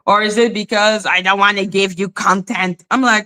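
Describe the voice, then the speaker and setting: A woman's voice: medium pitch, steady tone, normal speed, hardly any pauses, sharp tone. A woman hosting a livestream, ranting in a blunt, profane and taunting way. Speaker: livestream host. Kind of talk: confrontational live-stream rant.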